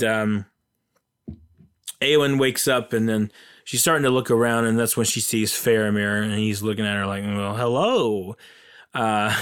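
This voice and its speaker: Casual male film commentator, eager, rambling, smooth clear tone, mid pitch. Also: a bit bright. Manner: enthusiastic, rambling with many fillers.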